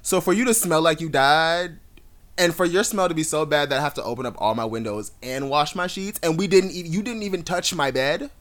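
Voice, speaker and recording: A man's voice: a little high, fairly quick, fairly bright tone. A man co-hosting a podcast, telling a story dramatically and acting out the quotes in casual chat. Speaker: podcast co-host.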